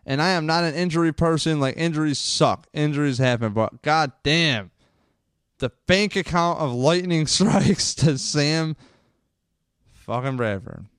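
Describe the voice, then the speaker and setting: A man's voice: a little high, unhurried, fairly bright tone, smooth, no room sound, clean studio sound. A man hosting a live sports podcast, chatting casually, rambling and getting fired up, with frequent swearing. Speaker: podcast host. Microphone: close microphone.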